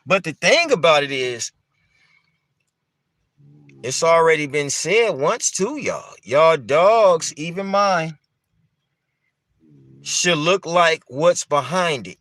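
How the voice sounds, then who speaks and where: A man's voice: fairly high pitch, very animated, takes it slowly, long pauses, a bit bright, no room sound. Man musing aloud with rhetorical questions. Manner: conversational, rhetorical questions, repeats himself. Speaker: dog breeder talking to camera. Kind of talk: casual monologue.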